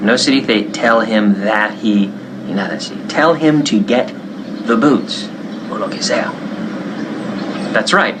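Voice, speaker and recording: A man teaching an English lesson, his voice lively and swinging up and down as he acts out a coaxing little scene. He speaks slowly and explains as he goes, with the clear hum of air conditioning and passing traffic behind him. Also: medium pitch. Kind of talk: acted example dialogue in a lesson.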